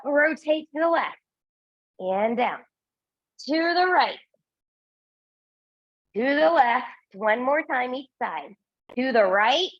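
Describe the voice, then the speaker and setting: High-voiced woman leading a Pilates class. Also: dry recording, dull audio. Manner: counting reps, encouraging cues. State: slightly out of breath. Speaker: Pilates instructor. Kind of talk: guiding an exercise class.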